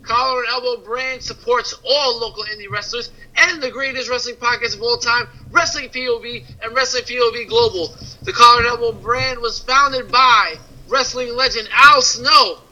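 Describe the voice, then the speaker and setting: A man's voice: extremely high pitch, moderate pace, bright, forceful tone, dull audio. A man co-hosting a casual podcast, joking playfully and reading a sponsor spot. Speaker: podcast co-host. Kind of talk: casual chat and ad read.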